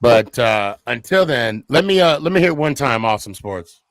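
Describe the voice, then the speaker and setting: Man, podcast host, relaxed slangy talk, dry close sound. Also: medium pitch, moderate pace, no echo. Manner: laid-back, slangy, thanks guests warmly. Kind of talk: casual call-in chat.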